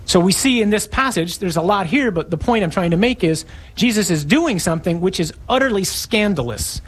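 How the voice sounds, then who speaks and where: Husky-voiced man preaching a sermon. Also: high-pitched, lively intonation, fairly quick. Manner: dramatic, acting out scripture quotes with shifting tone.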